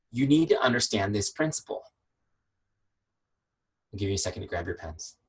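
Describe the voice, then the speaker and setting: A man leading a team training call on a video call, energetic and conversational, peppering his talk with rhetorical questions. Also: medium pitch, husky, poor audio. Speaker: network marketing trainer. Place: home office shed.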